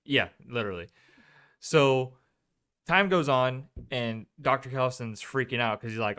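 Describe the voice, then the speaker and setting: A man's voice: mid-range voice, unhurried, clean tone. A man co-hosting a podcast, casually retelling a movie's scenes and acting out the characters' lines. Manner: animated retelling with quoted lines. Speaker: podcast co-host. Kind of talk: casual movie review chat.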